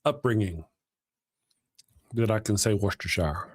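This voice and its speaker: A Texan man co-hosts a casual live stream, joking, drawling through asides, and reading the chat aloud. His voice is mid-range and animated, at a moderate pace.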